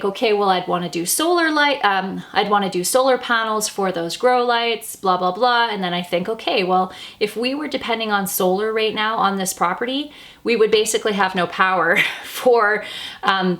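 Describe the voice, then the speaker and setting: Hoarse woman homesteader, a bit low, gravelly, rambling vlog chat. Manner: rambling, thinks out loud. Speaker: homesteader and prepper. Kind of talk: casual vlog talk to camera.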